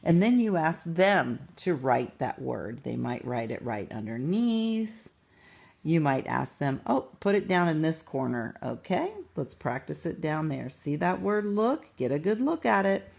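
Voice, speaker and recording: Woman teacher, low gravelly voice, unhurried, patient instructional delivery. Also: sing-song, a little mellow. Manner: patient, step-by-step, sounds out words slowly. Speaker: teacher demonstrating a writing lesson. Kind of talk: instructional walkthrough.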